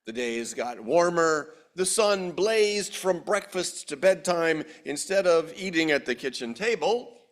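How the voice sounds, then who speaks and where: A man serving as minister, reading a picture book aloud with gentle, expressive storytelling and then leading a church ceremony. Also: on the high side, unhurried.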